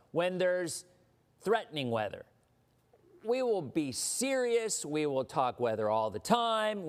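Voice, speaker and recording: A man hosting a weather livestream, chatting casually in a rambling way with mock-indignant asides. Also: fairly high pitch.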